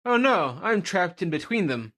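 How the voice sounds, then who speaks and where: A man's voice: high-pitched, lively intonation, moderate pace, a bit bright, voice pushed up. Man doing a whiny, frightened villager. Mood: scared. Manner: whiny, panicky. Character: frightened ordinary male villager.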